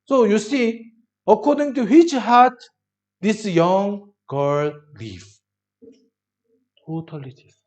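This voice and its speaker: Slow-preaching man in broken English. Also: high voice, expressive. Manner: broken English, rhetorical questions to the congregation; swings between loud emphasis and soft drops. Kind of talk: sermon.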